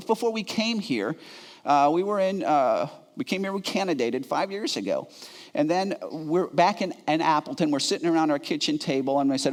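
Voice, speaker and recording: A man preaching a sermon, telling a self-mocking story with animated delivery and frequent stammered restarts. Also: fairly high pitch. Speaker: pastor. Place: church sanctuary. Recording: reverberant church hall.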